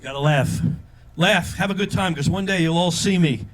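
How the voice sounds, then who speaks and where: An older man performing a live stand-up comedy routine with a punchy delivery, often leaping into loud, high character voices. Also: normal speed. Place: comedy stage before a live audience. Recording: live show with crowd laughter. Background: audience laughter.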